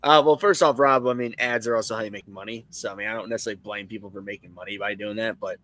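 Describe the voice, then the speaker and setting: Teasing co-host with a dry close sound. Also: male voice, on the low side, steady tone, rapid-fire, fairly bright tone, no room sound. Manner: crude, teasing, laughs often. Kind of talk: casual live-stream chat.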